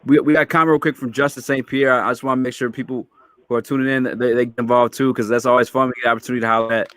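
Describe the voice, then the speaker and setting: A man's voice: medium pitch, little pitch movement, racing, a bit bright, dry recording. A man hosting a podcast, talking in a laid-back, profane way. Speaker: podcast host. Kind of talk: casual podcast chat.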